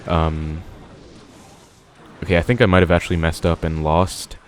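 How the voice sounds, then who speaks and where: A man's voice: sits low, flat delivery, normal speed. A young man giving casual commentary on his own gameplay, thinking aloud with many fillers. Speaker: gaming video creator.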